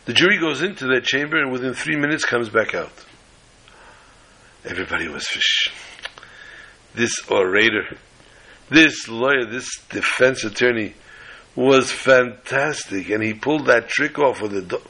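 A man telling a story dramatically, swinging between loud passages and hushed ones. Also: mid-range voice, normal speed, pauses often, slightly rough, rough recording.

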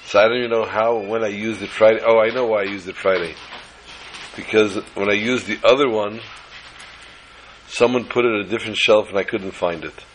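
Man, low voice, religious teacher, informal Torah talk, rambling, anecdotal, faint background noise. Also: fairly even intonation, fairly quick, low-quality recording. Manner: rambling, anecdotal, self-correcting.

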